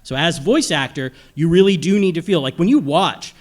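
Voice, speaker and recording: A man's voice: a little high, animated, moderate pace. Chatty man lecturing a convention panel. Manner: chatty and rambling, asks "okay?" and "right?" after points. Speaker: audio engineer giving a convention panel. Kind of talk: live panel lecture to an audience.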